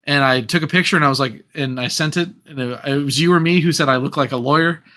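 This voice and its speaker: A man hosting a podcast, telling a story in a lively, casual way and acting out what people said. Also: fairly high pitch, fast. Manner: animated storyteller who acts out quotes. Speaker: podcast host.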